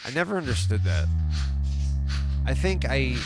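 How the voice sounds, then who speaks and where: A man's voice: mid-range voice, sing-song, unhurried. A man hosting a livestream from his home studio, reading viewer comments and musing aloud in a casual, rambling way. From United States. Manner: musing, rambling, self-interrupting. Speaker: livestream host. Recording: loud synth music behind the voice.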